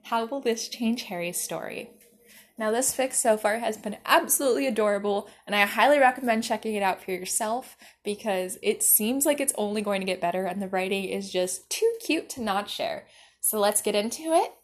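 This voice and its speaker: A woman's voice: mid-range voice, normal speed. A woman reading a fan fiction story aloud, narrating steadily after an enthusiastic introduction. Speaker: story reader.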